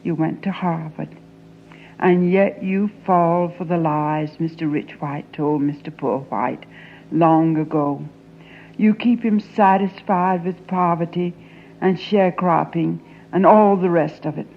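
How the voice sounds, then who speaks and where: A woman performing a dramatic monologue as an anguished young Southern woman confronting her father, intense and often sinking into a hushed whisper. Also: lowish voice, slow pace, muffled recording, slight background noise. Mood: anguished pleading.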